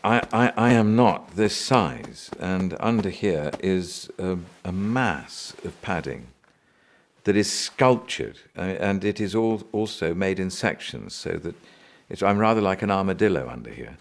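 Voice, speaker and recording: A man, an actor, explaining his character in a behind-the-scenes interview, in a deliberate, demonstrative way. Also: low voice, expressive, slight background noise.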